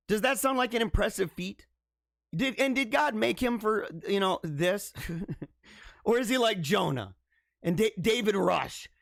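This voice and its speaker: Man hosting a live stream, high voice, dry close sound, incredulous and laughing, stammers. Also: fairly bright tone, no room sound. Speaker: show host. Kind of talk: casual live-stream commentary.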